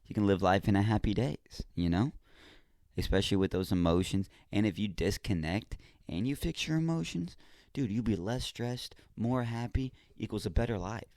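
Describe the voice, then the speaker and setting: A man hosting a podcast, talking casually and straight to the listener in a relaxed, slangy monologue. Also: low voice, dry recording, studio quality. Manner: laid-back, slangy, talks straight to the listener. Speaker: podcast host.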